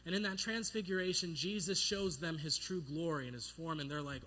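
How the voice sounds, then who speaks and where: A young male pastor delivers a sermon in a bright, forceful voice that sits a little high. He tells stories in a playful, animated way and acts out the voices of the people in them. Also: brisk, hardly any pauses. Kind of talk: sermon with storytelling.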